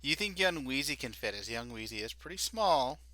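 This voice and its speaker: Bright, animated male dungeon master. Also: mid-range voice, moderate pace, no echo. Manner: casual, animated, laughs often. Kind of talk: narrating a tabletop game.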